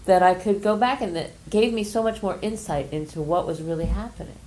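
An older woman leading a workshop group, speaking gently and hesitantly with many pauses as she explains an exercise and shares a personal story. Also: mid-range voice, slight background noise. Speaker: workshop leader.

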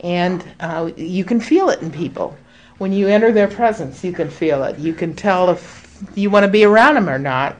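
A woman speaking earnestly and reflectively to a group, explaining ideas with frequent pauses and fillers. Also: lowish voice. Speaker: speaker leading a spiritual group talk.

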